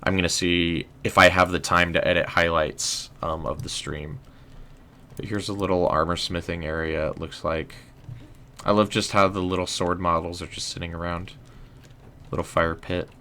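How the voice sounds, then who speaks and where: A young man hosting a casual game livestream, rambling in a relaxed way with lots of "um" and "like". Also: low voice, moderate pace, a little hiss or hum. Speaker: livestream host.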